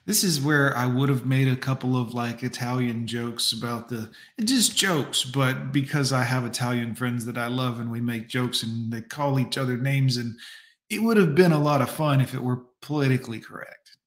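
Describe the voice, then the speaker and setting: A man's voice: mid-range voice, moderate pace, roomy sound. Sarcastic man riffing on a stream. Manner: mocking, sarcastic, addresses chat. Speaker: streamer reacting to a dating video. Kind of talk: sarcastic live-stream commentary.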